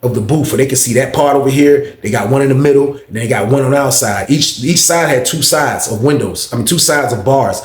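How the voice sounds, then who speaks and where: A man telling a story casually, animated and profane, repeating lines for effect. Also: medium pitch, brisk, hardly any pauses. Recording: echoey room.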